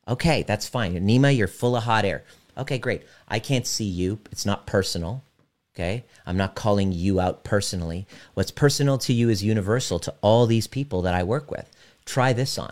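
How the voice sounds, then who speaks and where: A man working as a relationship coach, talking directly and emphatically to a live audience and slowing down to guide a visualization. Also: fairly low pitch, darkish tone.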